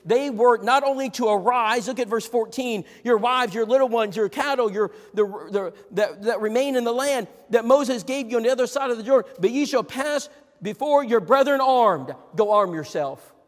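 A pastor with a high voice preaches at a moderate pace, shifting between ringing, raised proclamation and low, quiet asides. The long reverb of a large church hall surrounds him.

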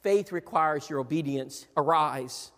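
A man with a high voice preaches a sermon. He moves between ringing, raised proclamation and low, quiet asides. The sound carries the long reverb of a large church hall. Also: measured pace. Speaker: pastor.

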